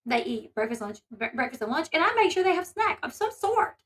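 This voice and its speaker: A woman's voice: high-pitched, very animated, brisk. A woman hosting a casual commentary video, talking in a rambling, emphatic way and often stopping to restart her thoughts. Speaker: commentary channel host; mother.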